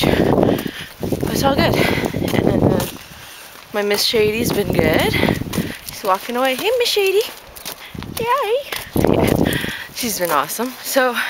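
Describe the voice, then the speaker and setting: Breathless woman chatting on a walk. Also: medium pitch. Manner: rambling, chatty, many fillers. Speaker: vlogger walking her dog. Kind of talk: casual walk-and-talk vlog. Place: outdoors in a neighborhood park. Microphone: handheld camera while walking. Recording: noisy outdoor camera audio. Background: outdoor noise.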